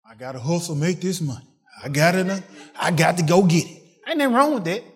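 Guy preaching, pretty high voice, tosses questions at the church, gets loud then real quiet. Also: a little fast. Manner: call-and-response preaching, rising to excited peaks then dropping low. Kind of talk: sermon.

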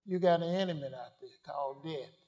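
A man preaching a sermon, asking the congregation questions and swinging from quiet asides to loud declarations. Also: on the high side, a little fast. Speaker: pastor.

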